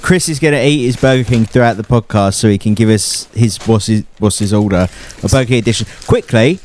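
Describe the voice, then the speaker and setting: A man's voice: on the low side, fast talker, a little mellow, a little hiss or hum. A man co-hosting a podcast, chipping in with dry, wry asides. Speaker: podcast co-host. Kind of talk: casual banter.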